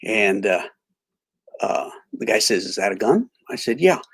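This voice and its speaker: A middle-aged man hosting a live stream, telling a rambling story full of halting restarts and reading out chat greetings. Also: fairly low pitch, very animated, a bit bright, slightly rough. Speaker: livestream host.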